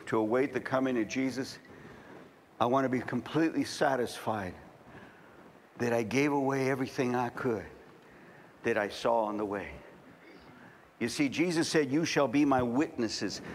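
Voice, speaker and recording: A middle-aged man preaching a sermon, telling stories and building to fervent shouting. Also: medium pitch, a little hiss or hum. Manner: storytelling, rising to fervent shouting.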